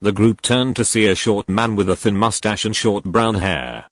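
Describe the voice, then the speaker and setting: A man reading a fan fiction story aloud as narrator, in a lively storytelling way, close to the mic. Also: lowish voice, moderate pace, no room sound.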